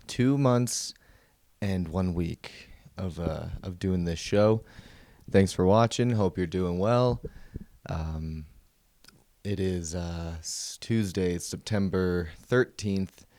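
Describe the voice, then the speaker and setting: A man's voice: low-pitched, mellow, no echo. A man hosting his own comedy podcast, ranting nervously and mocking himself. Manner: nervous, self-mocking rant. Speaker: podcast host. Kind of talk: solo comedy podcast monologue.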